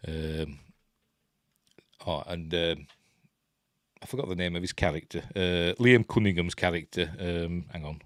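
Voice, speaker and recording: Yorkshire male host, casual webcam chat, low voice, dry sound, lots of pitch movement. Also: steady tone, a little slow, long pauses, dry recording. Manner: rambling, chatty, self-interrupting. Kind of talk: casual live film commentary.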